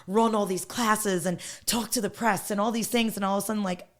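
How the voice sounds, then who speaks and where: A woman's voice: medium pitch, steady tone, brisk. A woman in her thirties, a podcast guest, telling her story bluntly and candidly, laughing often.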